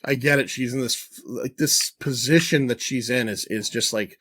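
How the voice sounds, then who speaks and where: A man's voice: medium pitch, moderate pace, pushed and bright, breathy edge. A man co-hosting a podcast in casual chat, talking in a loose, profane, rambling way with restarts. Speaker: podcast co-host.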